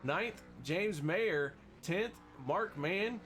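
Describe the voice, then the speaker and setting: A man's voice: sits high, animated, extremely slow, fairly bright tone, faint music behind. A man hosting a racing broadcast, interviewing drivers after the race and reading the finishing order in an upbeat announcer style. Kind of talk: post-race interviews and results.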